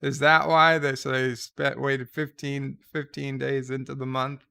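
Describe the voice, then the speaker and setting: A man's voice: mid-range voice, level tone, unhurried, creaky, bright, forceful tone, smooth. A man hosting a livestream, reading viewer comments aloud and rambling through wry asides. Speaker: livestream host.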